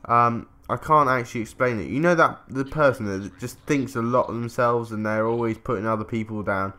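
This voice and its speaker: This English man's voice sits at medium pitch, pushed and bright, and he talks fairly quickly. As a gaming commentator, he tells a rambling, chatty story over casual gameplay, interrupting himself and tossing in casual swears.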